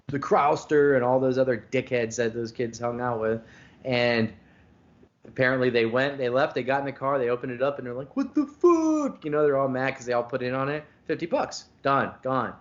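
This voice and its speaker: A man's voice: mid-range voice, fairly even intonation, normal speed, dull audio. A man hosting a podcast, telling a rambling, profane story in casual chat over a video call. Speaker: podcast host.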